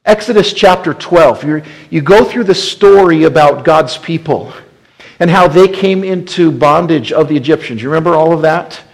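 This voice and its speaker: A man preaching a sermon as pastor, swinging from loud emphatic bursts to hushed, quiet passages. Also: fairly high pitch, moderate pace, poor audio.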